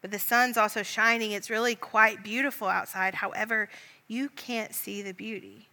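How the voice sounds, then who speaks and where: A woman leading a guided Christian prayer meditation in a gentle, calm voice, speaking directly to the listener as "you". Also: mid-range voice, moderate pace, long reverb tail. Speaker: prayer leader.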